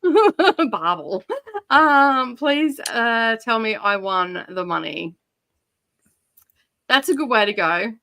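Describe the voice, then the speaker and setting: A woman's voice: fairly high pitch, slow, creaky, long pauses, sharp tone, smooth. A woman with an Australian accent co-hosting a live stream, chatting casually and laughing often. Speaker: livestream co-host.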